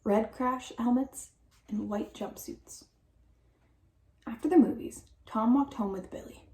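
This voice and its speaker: A woman's voice: on the high side, measured pace, pauses often, mellow. Woman reading a storybook in a roomy echo. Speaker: reader.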